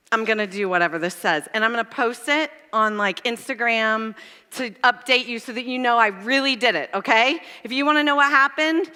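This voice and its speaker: A woman with a high, bright voice gives a sermon, telling stories on herself in an animated, self-mocking way. Her voice rings out with the long reverb of a large hall. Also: clear, resonant tone. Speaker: church speaker. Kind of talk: sermon with personal storytelling. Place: church auditorium.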